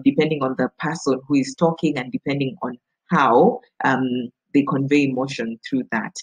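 A Kenyan woman in her thirties, a voice-over coach, presenting a webinar in a warm, authoritative, confident voice and explaining things to her audience in a friendly way. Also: deep voice, husky, low-quality recording.

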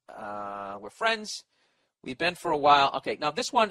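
A man's voice: medium pitch, very animated, measured pace, bright, forceful tone, dry recording. A man hosting a podcast, giving comedic advice to listener letters in a profane, exasperated rant.

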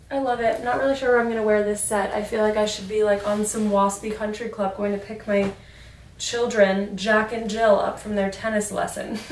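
A young woman in her twenties chatting casually and upbeat in a lifestyle vlog, full of fillers. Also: on the high side. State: out of breath. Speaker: lifestyle vlogger. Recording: echoey, distant from the mic, with background noise.

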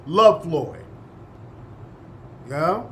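A man's voice: a little high, expressive, extremely slow, a little hiss or hum. A man hosting a talk show, delivering an emphatic monologue and often checking in with listeners. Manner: emphatic, repeats points and asks listeners "yeah?". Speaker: host.

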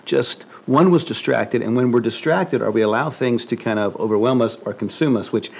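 A man's voice: mid-range voice, brisk, vocal fry, breathy edge, low-quality recording. A man, a pastor, giving a conversational sermon in an earnest way, repeating words for emphasis.

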